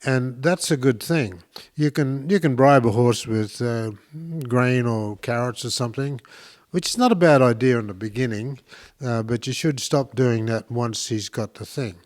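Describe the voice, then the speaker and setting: Hosting a talk show, a man with a medium-pitched, somewhat dark voice explains things at a moderate pace. The instructional talk is casual and enthusiastic, wandering along with many fillers and restarts.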